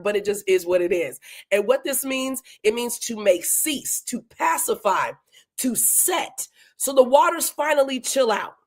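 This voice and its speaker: An enthusiastic woman teaching a verse-by-verse Bible study live, talking conversationally and slowing down to read scripture with emphasis. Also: high-pitched.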